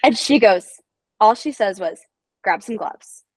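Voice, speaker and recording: A woman's voice: medium pitch, a little slow, no echo, rough recording. A young woman, a nursing assistant guest, telling stories casually and acting out the voices of people she quotes. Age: young adult. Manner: animated, acts out quoted voices. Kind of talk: casual storytelling.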